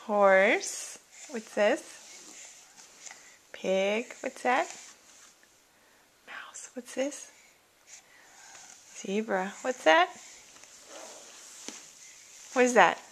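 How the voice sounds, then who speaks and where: A woman's voice: a little high, animated, very slow, pauses often, slight background noise. A woman at home quizzing a small child, patiently naming animals and repeating her questions, recorded on a handheld camcorder. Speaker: parent teaching a toddler sign language.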